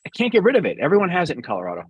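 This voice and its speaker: A man's voice: sits high, wildly swooping pitch, rapid-fire, breathy edge, no room sound, muffled recording. A middle-aged man with a New York accent, answering interview questions bluntly and sarcastically as a business guest.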